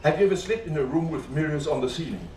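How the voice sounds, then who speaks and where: A man works a cruise-ship audience as a comedy magician, chatty and teasing as he sets up his tricks. His voice sits a little high and comes from some way off the mic. The room is echoey, with a faint murmur of audience ambience behind him. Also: quick pace, darkish tone, slight background noise. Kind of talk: live stage comedy magic show. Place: cruise ship show lounge. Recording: roomy, distant live stage recording with faint audience ambience.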